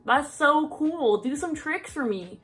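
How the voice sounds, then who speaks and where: A woman's voice: sits high, lively intonation, a bit bright, pitched above the performer's own voice, full character voice. A woman putting on a creepy wheedling man. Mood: pushy. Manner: slow, wheedling, coaxing. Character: creepy leering grown man neighbor.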